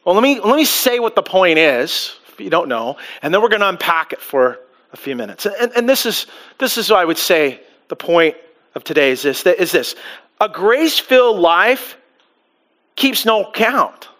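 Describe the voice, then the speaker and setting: Bright, high-voiced preaching pastor. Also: male voice, a little fast. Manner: animated preaching with restarts, acting out quotes. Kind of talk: sermon. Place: church before a live congregation.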